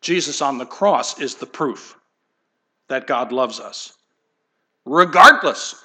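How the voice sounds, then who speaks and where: A man's voice: mid-range voice, pushed and bright. A man preaching a sermon as pastor, emphatic and asking rhetorical questions.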